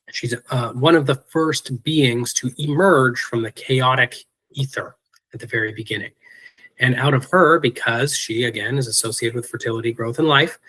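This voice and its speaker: Guy teaching an online class, bright tense voice, chatty, lots of um and uh. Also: medium pitch, rough recording. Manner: casual, explanatory, with lots of fillers and asides.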